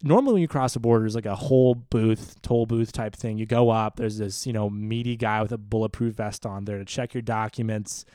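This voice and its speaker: Animated man telling a story, smooth voice. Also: on the low side, fairly quick, hardly any pauses, no echo, clean studio sound. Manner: animated, rambling, stammers and restarts. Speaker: podcast co-host. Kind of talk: casual storytelling chat.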